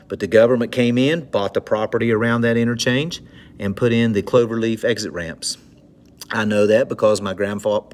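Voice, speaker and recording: A man teaching a recorded civics lesson in a conversational, joking way, repeating key terms so students can take notes. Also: lowish voice. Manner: conversational, jokey, repeats points for note-taking.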